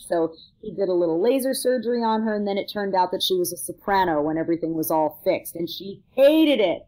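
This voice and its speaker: A woman opera singer and vocal coach talking casually on a podcast, explaining in a lively way and laughing now and then. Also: fairly low pitch, low-quality recording.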